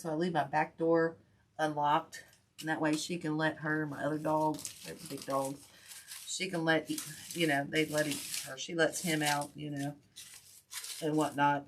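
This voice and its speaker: A woman's voice: deep voice, slight background noise. A woman hosting a casual crafting tutorial, chatting and rambling as she works with her hands. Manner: chatty, rambling, talks while working. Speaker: wreath-making host.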